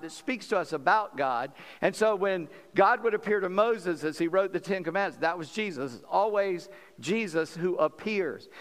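A man's voice: sits high, fairly bright tone. A man from South Carolina, preaching a sermon in a folksy, conversational way as pastor. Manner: folksy, conversational preaching with laughs and acted quotes. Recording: long hall reverb.

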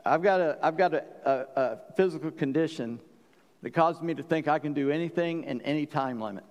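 A man preaching a sermon as pastor, folksy and joking, with bursts of animated storytelling. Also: a little high, fairly quick, in a large hall. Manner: folksy, joking, animated when quoting scripture.

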